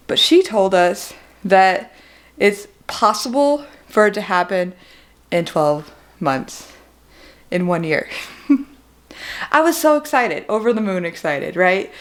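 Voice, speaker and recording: A young woman speaks straight to camera in a personal vlog, her voice wavering with emotion. She keeps breaking into nervous little laughs, on the edge of crying, in a mid-range voice. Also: medium pitch. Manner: emotional, near tears, laughing through it. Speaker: vlogger.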